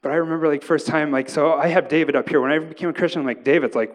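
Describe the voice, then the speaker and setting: A man's voice: mid-range voice, steady tone, very fast, hardly any pauses. A man in his thirties, a pastor preaching a sermon in a casual, conversational way, often checking in with the congregation. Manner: casual, conversational preaching with frequent "right?" asides.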